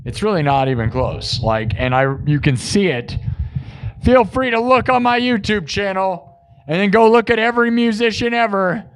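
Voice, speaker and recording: Speaking at normal speed in a high-sitting, clear, resonant voice, a musician hosting a live music stream chats casually with viewers. He talks to the chat in a boastful, defensive way, with no echo on the audio.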